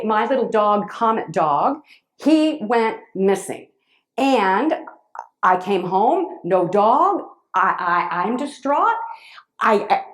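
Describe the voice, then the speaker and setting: A woman speaker telling a personal story to a live audience. She is expressive and halting, with restarts, and swings between loud and hushed. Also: mid-range voice. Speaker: motivational speaker.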